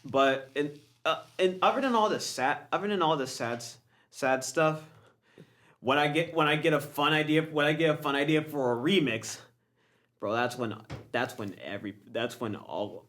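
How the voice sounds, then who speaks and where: Young guy rambling on a podcast, lots of like and restarts, kinda high voice. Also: moderate pace, fairly bright tone. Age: young adult. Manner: rambling, many restarts and filler "like". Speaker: guest musician. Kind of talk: casual interview chat.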